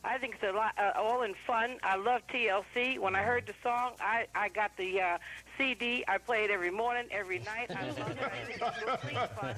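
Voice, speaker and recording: A woman's voice: on the high side, fairly quick, a bit bright, poor audio. A woman calling in to a talk show by phone, chatty and enthusiastic as she shares her opinions. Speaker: caller.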